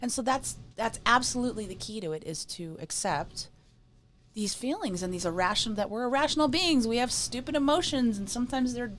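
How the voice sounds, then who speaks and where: A woman co-hosting a casual talk on emotions and spirituality, emphatic and quick to laugh, often checking in with "right?". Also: a little high, a bit bright. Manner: laughs easily. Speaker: co-host.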